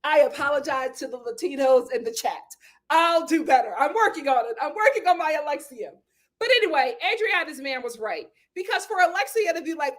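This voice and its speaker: A woman's voice: high-pitched, moderate pace. A woman hosting a casual reality TV commentary vlog, talking emphatically and animatedly. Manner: emphatic, animated, acts out quotes. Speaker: host.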